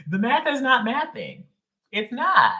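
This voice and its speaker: A man's voice: very high-pitched, huge pitch swings, a little slow, sharp tone, roomy sound. A man giving a casual live tarot reading in a sassy, slangy, emphatic way. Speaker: tarot reader.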